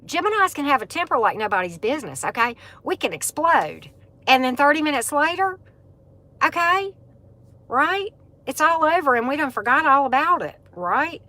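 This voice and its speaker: A middle-aged woman, hosting a casual live chat with viewers. She talks in a chatty, animated way and laughs often. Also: high-pitched. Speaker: livestream host.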